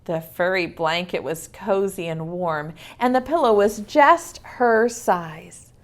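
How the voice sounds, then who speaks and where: In an online video class, a woman preschool teacher with a fairly low voice reads a picture book aloud slowly and expressively, asking the children questions as she goes.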